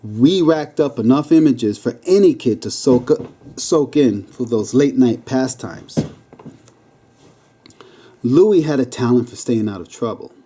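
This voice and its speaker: Man narrating his own memoir, mellow voice. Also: medium pitch, lively intonation, a little slow, slightly rough. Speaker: memoir reader. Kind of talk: audiobook narration.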